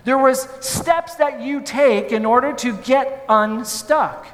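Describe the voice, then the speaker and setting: A male pastor telling a story in a sermon, in an animated, playful way. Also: extremely high pitch, takes it slowly, long reverb tail.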